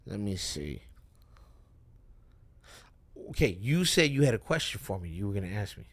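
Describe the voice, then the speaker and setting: A man rapper as a guest, talking in a loose, profane, rambling way while high, often cutting himself off. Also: very animated, normal speed. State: high, with cotton mouth. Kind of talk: casual live-stream chat.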